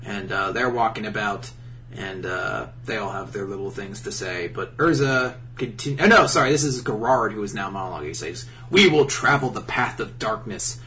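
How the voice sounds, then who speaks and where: A man's voice: lowish voice, a little fast, distant mic, a little hiss or hum. A man casually recapping an episode on a podcast, swearing a lot and mocking the characters' lines. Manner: profane, animated, mocking character voices. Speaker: podcast co-host. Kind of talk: casual chat recapping an anime.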